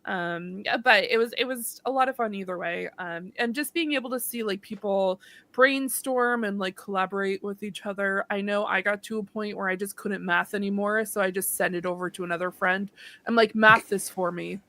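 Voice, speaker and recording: Bright, chatty woman podcast co-host. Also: medium pitch, brisk, no echo. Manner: chatty, lots of "like" fillers, lively retelling. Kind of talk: casual gaming podcast chat.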